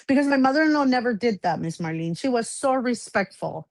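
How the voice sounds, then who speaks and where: A woman guest telling a personal story in casual chat, animated, acting out the back-and-forth she describes. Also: a little high, brisk, few pauses, no room sound. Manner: animated, acts out quoted exchanges.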